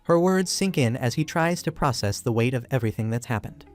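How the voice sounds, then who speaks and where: A man narrating an anime recap in a casual, steady, scripted retelling. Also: mid-range voice, fairly quick. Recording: faint music underneath.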